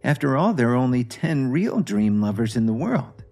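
A man voicing a polite young wife who speaks gently and in a hurry. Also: mid-range voice, big pitch swings, faint music behind, pitched above the performer's own voice. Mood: polite, gentle. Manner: gentle, hurried, placating. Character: young wife, polite and busy office worker.

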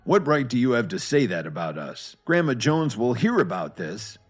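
A man's voice: medium pitch, very animated, normal speed, slightly rough, soft background music, voice pushed up. A man voicing offended antique dealers in a read-aloud story, protesting in an affronted tone.

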